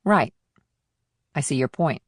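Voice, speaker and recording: A man voicing a tense, sharp-tongued woman federal agent in an audiobook thriller, with clipped, alert questions. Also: fairly high pitch, expressive, takes it slowly, dry recording, studio quality, voice pushed up. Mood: wary.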